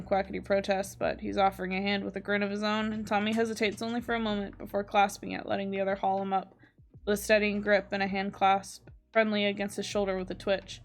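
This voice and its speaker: A woman streamer reading fan fiction aloud, steady with small slips. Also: medium pitch, quick pace, soft background music.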